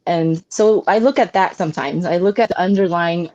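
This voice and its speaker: A woman talking as an interview guest, telling stories in a lively way and laughing often. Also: fairly low pitch, moderate pace, hardly any pauses, muffled recording. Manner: laughs often, animated storytelling. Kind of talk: casual interview conversation.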